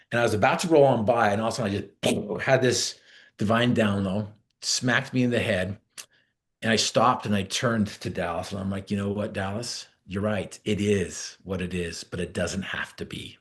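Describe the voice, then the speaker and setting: A middle-aged man from Utah giving an energetic motivational talk, telling a story and driving home repeated phrases. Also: fairly low pitch, normal speed. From Utah, USA. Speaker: motivational speaker.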